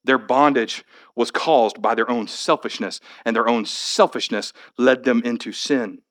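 A man preaching a sermon as pastor, conversational and plain-spoken, building to animated, rising passages. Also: medium pitch, unhurried.

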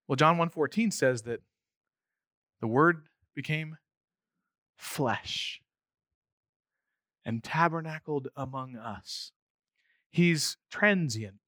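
Male pastor, sermon delivery, higher-pitched voice, dry close mic, animated with emphatic climbs. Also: measured pace, dry recording. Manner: animated, rising to near-shouts for emphasis.

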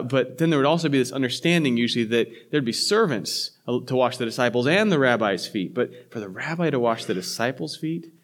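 Guy pastor preaching, chatty and halting, lots of uh and restarts, mid pitch. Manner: conversational, halting with fillers and restarts. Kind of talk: sermon.

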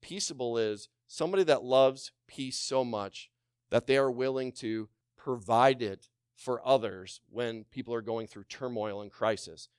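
A man preaching a sermon as a pastor, calling on the congregation to respond and dropping to a hushed voice when quoting gentle words. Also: medium pitch, clear, resonant tone, dry recording, studio quality.

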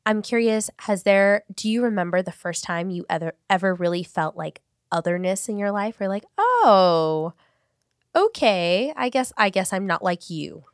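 A woman chatting casually on a podcast, telling stories with lively acted-out quotes. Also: mid-range voice, moderate pace, clear, resonant tone, dry recording, studio quality. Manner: animated, acts out family members' voices in quotes. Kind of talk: casual conversational storytelling.

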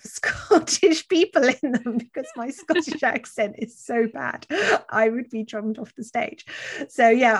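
A woman novelist talking casually in an interview, chatty and fond of filler words. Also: fairly high pitch. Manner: chatty, with frequent "you know" fillers and laughs.

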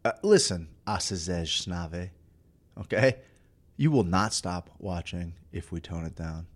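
A man co-hosting a morning talk show with a somewhat low voice. He speaks in a loose, casual way, blunt about his opinions and often stumbling back into his sentences. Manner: blunt, with halting restarts. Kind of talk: casual chat.

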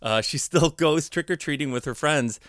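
A man hosting a children's podcast in a gentle, playful way. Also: fairly high pitch, moderate pace, clean tone, no echo, clean studio sound. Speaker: podcast host and children's musician.

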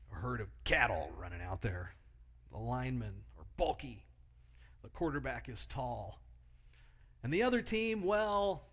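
A man delivering a sermon at a middle pitch, painting vivid pictures for his listeners. He tells illustrative stories and keeps asking rhetorical questions to draw them in. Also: fairly bright tone. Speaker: preacher.

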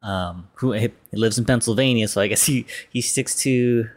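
A man's voice: on the low side, normal speed. A man co-hosting a podcast, chatting casually and rambling with hedges and fillers. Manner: rambling, hedging, lots of fillers. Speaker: podcast co-host.

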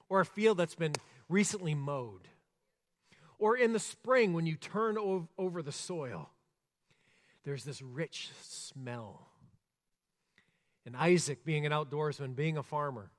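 A man preaching a sermon, earnest, rising to emphasis and dropping soft and slow. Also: on the high side. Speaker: pastor. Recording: long reverb of a church hall.

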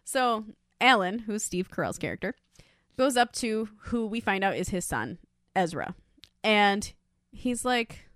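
A woman's voice: mid-range voice, unhurried, dry recording, clean studio sound. A woman co-hosting a casual podcast, recapping a TV show, swearing freely and acting out the characters' lines. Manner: animated, swears a lot, acts out characters' lines. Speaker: podcast co-host.

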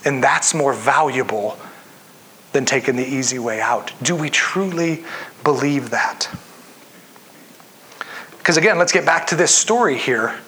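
A man's voice: mid-range voice, a little slow, pauses often, sharp tone, a little hiss or hum. A man preaching a sermon in an earnest way, reading scripture aloud and acting out the voices of people in the story. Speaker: pastor.

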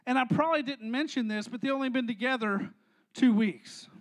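A young man preaching to a youth group, playful and energetic, acting out a skit and calling on kids in the crowd. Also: very high-pitched, a little fast. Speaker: youth pastor.

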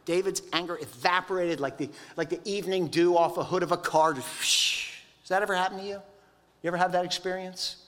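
A man preaching a sermon, telling stories in a conversational, animated way. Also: high-pitched, fast, big-room sound. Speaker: pastor.

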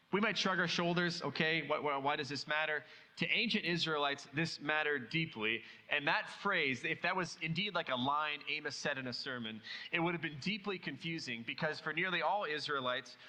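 A man's voice: on the high side, sharp tone, long reverb tail, poor audio. A man preaching a sermon in a conversational way, asking many rhetorical questions.

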